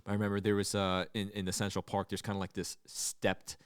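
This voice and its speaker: A young man co-hosting a comedy podcast, telling stories in a casual chat and acting out loud outbursts. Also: on the low side, brisk, clear, resonant tone, no room sound, clean studio sound. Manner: animated storyteller, acts out loud outbursts. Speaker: podcast co-host.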